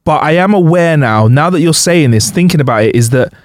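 A man's voice: a little high, fairly quick, no echo, studio quality. A young man, co-hosting a podcast in casual chat, swearing and laughing easily. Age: young adult. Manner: animated, swears, laughs a lot. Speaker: podcast co-host.

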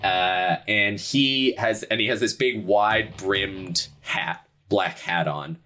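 A man's voice: fairly low pitch, slow, bright, forceful tone, a little hiss or hum. A man acting as dungeon master and host, narrating a tabletop game in a loose, chatty way with jokes and fillers.

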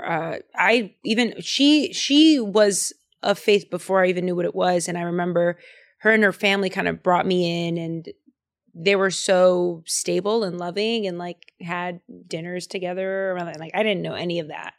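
Young woman podcast host, animated teasing storyteller, casual chat. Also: lowish voice, normal speed. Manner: animated, playful teasing, acts out quotes.

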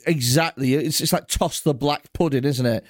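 A man's voice: a little high, moderate pace, dry recording. A man co-hosting a comedy podcast, chatting casually, swearing and laughing often. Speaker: podcast co-host.

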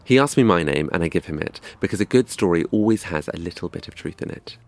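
A man's voice: sits low, expressive, quick pace. A young man from England telling a scripted comic story in a wry, dry, self-mocking way. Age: young adult.

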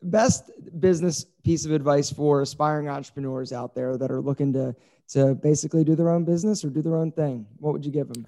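A man's voice: on the high side, quick pace, warm tone. A man hosting a podcast, asking questions in a loose, casual way and swearing freely. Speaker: podcast host. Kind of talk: casual interview chat.

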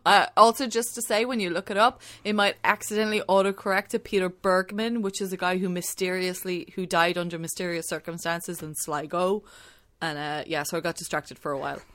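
A woman's voice: on the low side, steady tone, brisk, fairly bright tone. A woman co-hosting a movie podcast in casual chat, rambling and emphatic. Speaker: podcast co-host.

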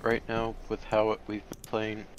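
A young man co-hosting a podcast, trading quick casual banter. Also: on the low side, completely flat delivery, noisy background. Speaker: podcast co-host. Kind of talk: casual chat.

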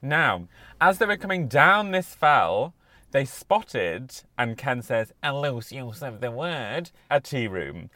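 A man's voice: medium pitch, slow pace, no echo. A man telling a funny story in a casual chat and imitating the people he quotes. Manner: animated anecdote-teller, mimics people he quotes.

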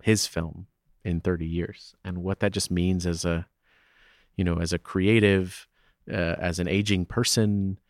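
A man in his thirties speaks in a very deep voice as a guest on an interview podcast. He argues his points emphatically, often checking in with "right?". The recording is dry and close, with no room sound. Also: dry recording. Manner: emphatic, keeps asking "right?" to drive points home. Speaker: theater owner and festival director guest. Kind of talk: conversational interview.

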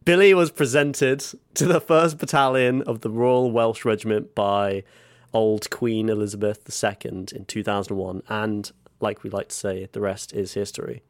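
A man's voice: on the low side, fairly even intonation, moderate pace, dry recording, clean studio sound. A man co-hosting a comedy podcast, telling a story in a mock-grand way and swearing as he laughs. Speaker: co-host. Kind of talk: comic podcast chat.

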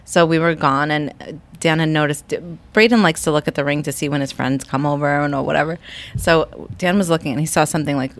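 A woman with a fairly low voice co-hosts a casual podcast. She reacts quickly and laughs often. She keeps cutting in with short agreeing remarks. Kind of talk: casual chat.

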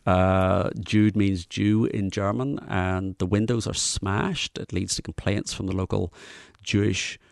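Low, gravelly man with wry remarks. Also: steady tone, measured pace, few pauses, dry recording, clean studio sound. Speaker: podcast co-host. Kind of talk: casual chat.

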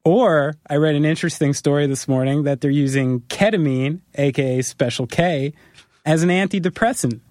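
A man's voice: on the high side, moderate pace, a little mellow, dry recording, clean studio sound. A man from New Jersey hosting a podcast in casual chat, jokey and rambling, laughing often. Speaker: podcast host.

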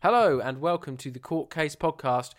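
A man's voice: on the high side, lively intonation, moderate pace, faint music behind. A man hosting a podcast in casual chat, laughing often and repeating himself as he talks. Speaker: podcast host.

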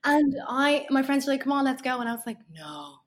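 A woman in her thirties, chatting casually on a podcast and telling animated stories full of fillers and restarts. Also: high voice, fast. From Ireland.

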